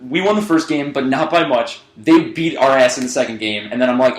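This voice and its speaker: A man's voice: mid-range voice, brisk. Young man rambling through a drunk story, echoey room. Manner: rambling, swearing, laughing through his own story. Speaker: podcast co-host. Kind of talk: casual storytelling.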